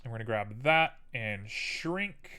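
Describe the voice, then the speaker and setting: Dude streaming his 3d modeling, chatting to viewers while he works, relaxed and self-deprecating, voice goes up and down a ton. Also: mid-range voice, unhurried. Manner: thinks aloud, chatty, talks to viewers while working. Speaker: live-stream host modeling in 3D software. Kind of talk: casual live-stream tutorial chat.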